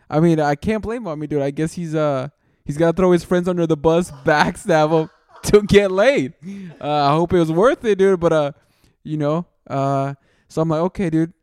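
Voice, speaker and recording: A man's voice: fairly high pitch, darkish tone, clear, resonant tone, no echo, clean studio sound. A young man telling a long story in casual chat, rambling and saying "dude" constantly, often laughing at himself.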